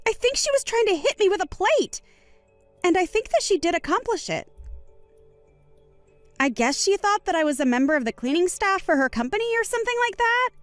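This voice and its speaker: A woman voicing a calm, composed young woman wronged at a wedding, speaking in a measured, firm way in a voiced story drama. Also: very high-pitched, no room sound.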